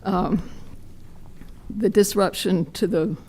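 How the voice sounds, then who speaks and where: A hoarse woman giving a detailed, measured public comment at a podium mic in a county meeting room. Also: medium pitch, fairly even intonation, a little mellow.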